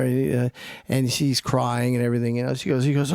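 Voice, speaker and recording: A man's voice: mid-range voice, steady tone, fairly quick, darkish tone, no echo, clean studio sound. A middle-aged man co-hosting a casual chat show, teasing his partner and telling long stories. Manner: teasing storyteller. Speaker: co-host.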